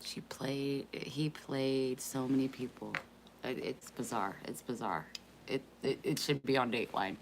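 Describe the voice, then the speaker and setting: A woman talking quietly and emotionally in a personal vlog, hesitant and stopping to restart. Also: rumbling low, fairly even intonation, a little slow, background noise. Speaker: vlogger.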